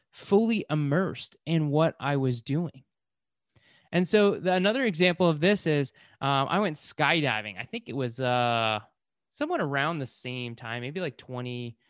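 A man telling a personal story in an animated motivational monologue, with lots of fillers, acting out his own excited screams. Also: on the high side, dry recording, clean studio sound.

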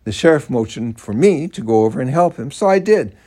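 An older man telling a first-person story aloud in an animated, dramatic way. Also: mid-range voice, a little fast.

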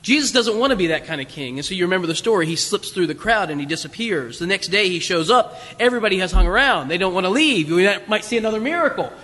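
A man preaching a conversational sermon, animated and chatty, acting out voices from the crowd. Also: high-pitched, quick pace, hardly any pauses. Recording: long reverb of a large hall.

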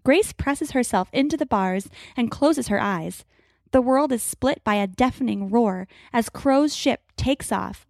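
A woman reads an adventure story aloud with vivid, dramatic pacing. Her voice sits a little high, and the recording is dry and close with no room sound. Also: darkish tone, dry recording. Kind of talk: scripted story narration.

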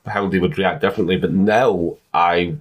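A man's voice: low voice, fairly even intonation, moderate pace, husky. A man co-hosting a casual podcast, camp and teasing, who often slips into open sarcasm. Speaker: podcast co-host. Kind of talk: casual chat.

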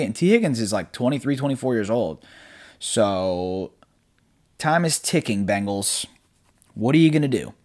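A young man hosting a casual solo podcast from his apartment, rambling in a loose, laid-back way, swearing freely and laughing often. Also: medium pitch. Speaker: podcast host. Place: apartment room at home.

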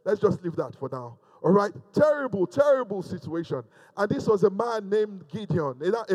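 A man preaching a sermon to a camera, swinging from loud fervent exhortation to quiet, intimate asides. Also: high-pitched. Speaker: pastor. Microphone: speaking to a camera.

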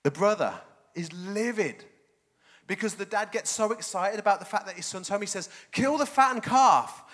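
A man preaching a sermon as pastor, animated and jokey. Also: high voice, moderate pace. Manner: animated, jokey, laughs often.

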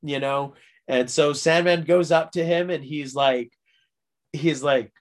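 Brief: young male podcast host, rambling and laughing, unhurried, slightly high. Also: steady tone. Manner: rambling, laughing, many fillers. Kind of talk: casual chat.

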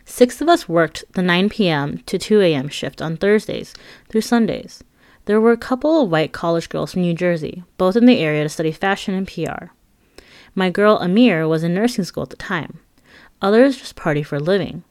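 A woman's voice: lowish voice, no echo, clean studio sound. A woman reading her own memoir aloud as an audiobook, candid and wry, with frank asides to the listener. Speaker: memoir narrator.

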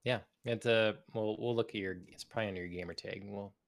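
A man with a somewhat low voice co-hosts a casual gaming podcast. He rambles easily, hedging and circling back with fillers as he talks. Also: fairly even intonation, fast, creaky. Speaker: podcast co-host.

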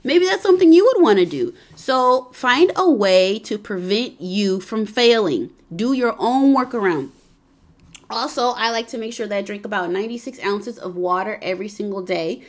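A woman's voice: medium pitch, moderate pace. Chatty, encouraging woman vlogger. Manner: chatty and encouraging, with frequent laughs. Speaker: wellness vlogger and podcast host. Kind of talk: casual motivational talk to viewers.

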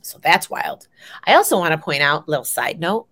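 A young adult woman co-hosts a laid-back pop culture podcast, telling stories with lots of energy. She curses freely, and her pitch leaps upward when she gets excited. She talks at a moderate pace.

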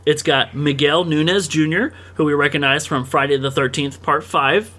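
A man, a returning podcast guest, chatting casually and throwing in quick jokes. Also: a little high, fairly even intonation, pushed and bright. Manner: joking, quick quips. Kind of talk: casual chat.

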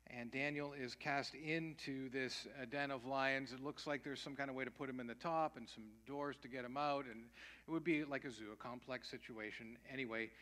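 Bright-voiced male preacher. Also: mid-range voice, fairly even intonation, normal speed. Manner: emphatic, rhetorical questions, conversational asides. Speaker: pastor. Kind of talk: sermon.

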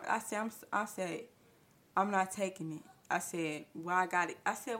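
Bright-voiced woman telling a story. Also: mid-range voice, fairly quick. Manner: retells dialogue with many "I said" restarts, slangy. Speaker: podcast host. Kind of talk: casual storytelling.

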